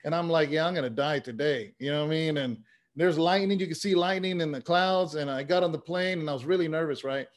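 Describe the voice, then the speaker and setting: Guy a bit higher voiced telling stories, earnest, keeps saying man and you know, pastor type. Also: fast talker. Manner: earnest, story-driven, says "man" often. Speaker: interview guest, pastor and former rapper. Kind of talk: conversational storytelling.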